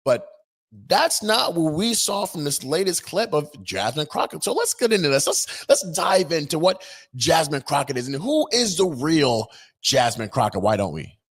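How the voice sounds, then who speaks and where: Male commentary host, sarcastic and mocking, pitched a bit high, very lively delivery. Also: moderate pace. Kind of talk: opinion commentary.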